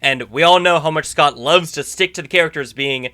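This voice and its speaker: A man's voice: on the high side, a little fast, sharp tone. A man hosting a YouTube video, chatting enthusiastically through a trailer breakdown and thinking aloud as he goes. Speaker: YouTube host. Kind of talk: excited trailer breakdown commentary.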